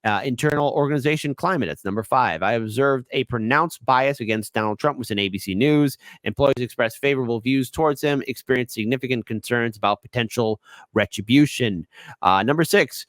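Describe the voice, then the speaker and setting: A man's voice: mid-range voice, brisk, a bit bright, dry recording. A man hosting a political commentary show, stumbling and stuttering as he reads documents aloud and gives his opinions. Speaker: host.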